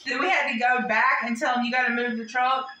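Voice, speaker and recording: A woman's voice: fairly high pitch, steady tone, fast, pushed and bright, muffled recording. A woman, an adult daughter teasing her mother in casual family chat. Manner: teasing, profane, chiming in. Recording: roomy, distant recording with music.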